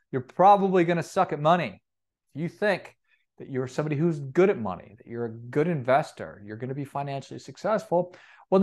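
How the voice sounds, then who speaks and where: A man coaching on personal finance in an upbeat, energetic motivational talk, often repeating himself and restarting phrases. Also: a little high.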